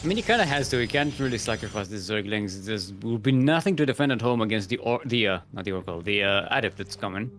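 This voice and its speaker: A man's voice: on the low side, expressive, fast, few pauses, a bit bright, slight background noise. A man with an Australian accent casting a live strategy game tournament, joking and bantering. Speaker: esports caster.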